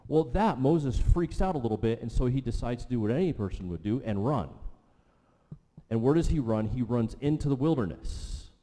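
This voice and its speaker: A man's voice: mid-range voice, lively intonation, moderate pace, dark tone. A middle-aged man teaching a sermon to a congregation, chatty and often checking in with "okay" and "right". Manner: conversational, repeats okay and right. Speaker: pastor. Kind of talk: sermon teaching with audience questions. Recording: long hall reverb.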